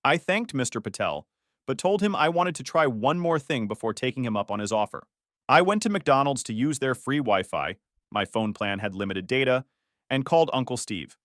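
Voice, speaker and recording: A young man narrating a first-person story in an even, reflective way. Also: medium pitch, no echo, studio quality.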